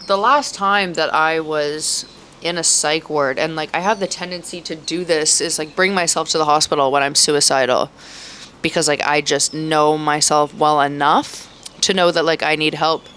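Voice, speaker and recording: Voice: medium pitch, fairly even intonation, measured pace, sharp tone, slight background noise. A thirty-year-old vlogger talking in a rambling, emotional way, full of swearing and fillers. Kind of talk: emotional personal vlog. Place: outdoors in Mexico, birds audible.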